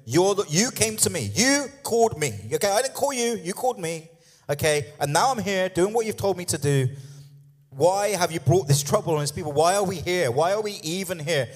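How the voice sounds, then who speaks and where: An exasperated male prophet pleads with God and fires off indignant questions, as a preacher acts him out. The voice sits a little high. It rings with the long reverb of a large hall. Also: animated, brisk.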